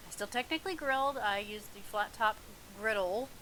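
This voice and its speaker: A woman's voice: on the high side, brisk, pushed and bright, a little hiss or hum, poor audio. A woman chatting casually at home in a mukbang vlog, rambling with lots of ums and little laughs. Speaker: vlogger. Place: home, alone in the house. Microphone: mic in front of her.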